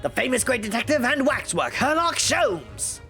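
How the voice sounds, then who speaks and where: Brief: man doing a showy eccentric detective, pitched up high, loud and swooping, from a story game. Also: big pitch swings, normal speed, faint music behind, heavily acted. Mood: grandiose. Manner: theatrical, grandiose, high and loud. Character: flamboyant eccentric male great detective.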